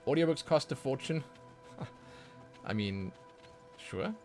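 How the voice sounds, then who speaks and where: A man livestreaming a game and chatting casually with his viewers, rambling, repeating words as he goes, with sudden bursts of excitement. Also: mid-range voice, slow, faint music behind. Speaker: livestreaming gamer.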